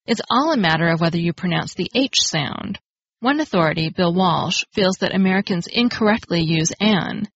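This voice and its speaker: A woman hosting a podcast, reading a scripted grammar lesson in a clear, explanatory way and stressing the key words. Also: lowish voice, no room sound. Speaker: podcast host. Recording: dry, slightly dull lo-fi studio recording.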